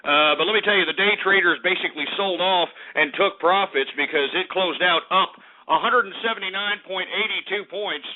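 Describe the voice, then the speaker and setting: Male talk radio host, brash and excitable, boastful, cursing, high voice, tinny phone-like sound. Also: normal speed, hardly any pauses. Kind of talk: talk radio market report.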